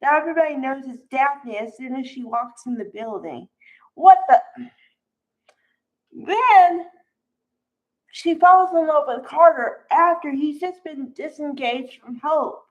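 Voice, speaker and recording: High-voiced woman giving unhurried frank opinions. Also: lively intonation, highs cut off. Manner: chatty, frank, laughs often, calls people honey. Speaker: soap opera commentator. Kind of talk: casual opinionated commentary.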